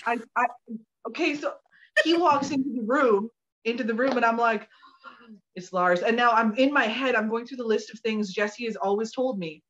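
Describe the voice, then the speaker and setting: A woman guest telling a funny story in casual chat, animated and laughing often. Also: on the high side, normal speed. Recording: dull lo-fi audio.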